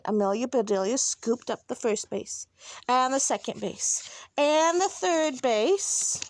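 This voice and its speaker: A woman reading a children's picture book aloud in an expressive, animated way. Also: sits high, slow pace. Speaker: storybook reader.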